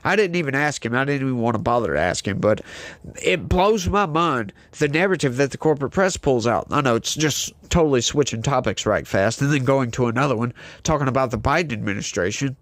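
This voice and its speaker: Speaking briskly with lively intonation and medium pitch, a southern Louisiana man hosts political commentary, reading news and offering heated opinions. His delivery is hyper, scattered, and ranting, full of rhetorical questions, with no room sound.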